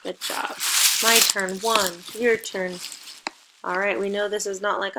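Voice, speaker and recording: Background noise sits under a woman's steady, mid-range voice in this recorded phonics lesson for young children. She spells letters slowly and guides a playful back-and-forth call-and-response.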